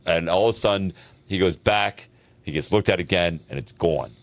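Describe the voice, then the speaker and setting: A man's voice: low-pitched, normal speed, no echo. A man co-hosting an advice podcast, telling a long story in casual chat, swearing freely and checking in with "right?" as he goes. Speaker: podcast co-host.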